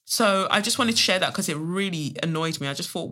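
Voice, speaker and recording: A woman's voice: fairly low pitch, expressive, fairly quick, pushed and bright. A woman hosting her own podcast, talking bluntly with emphatic rises and frequent swearing. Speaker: podcast host. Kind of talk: solo podcast commentary.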